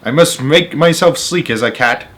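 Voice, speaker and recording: Boastful male centipede, read by a man, sing-song rhyming delivery, pitched up. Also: moderate pace, fairly bright tone, lightly acted. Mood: gleeful. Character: boastful male centipede singing comic verses.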